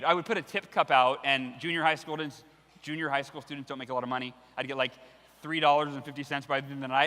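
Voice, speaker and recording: A man in his thirties giving a storytelling keynote speech, animated and acting out the voices in his anecdotes. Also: a little high. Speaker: keynote speaker. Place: large hall with a live audience. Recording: long hall reverb from the stage.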